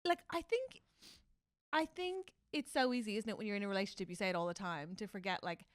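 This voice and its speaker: A woman co-hosting a podcast, chatting casually and animatedly about a TV show, swinging from loud excitement to soft, tender quoting. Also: medium pitch, fast, no echo, studio quality. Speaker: podcast co-host. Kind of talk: casual chat recapping a TV show.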